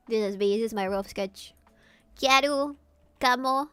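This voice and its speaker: A woman's voice: mid-range voice, normal speed, background noise. A woman streamer chatting casually and jokily while she sketches, thinking aloud as she goes. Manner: playful, jokey, thinking aloud.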